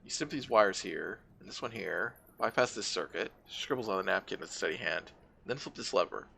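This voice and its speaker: A man's voice: deep voice, fairly quick, gravelly, husky, heavily acted. A man reading a regretful woman engineer. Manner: hesitant, quietly reads the game's dialogue aloud. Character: regretful woman engineer who built a trap.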